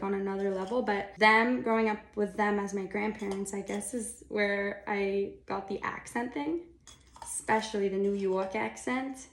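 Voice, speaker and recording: Woman, 20s, gardening vlogger, casual and gravelly, echoey room. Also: medium pitch. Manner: chatty, full of "like", drops to self-muttering whispers while working. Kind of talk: casual tutorial vlog. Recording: roomy echo with faint noise.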